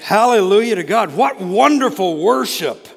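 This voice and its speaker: A man's voice: sits high, expressive, moderate pace, creaky, in a large hall. A man from the American South with a faint Southern accent, preaching as a guest speaker in a church, exclamatory and full of restarts. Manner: warm, exclamatory, frequent restarts. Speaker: guest preacher, state coordinator. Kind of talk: church sermon. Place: church sanctuary.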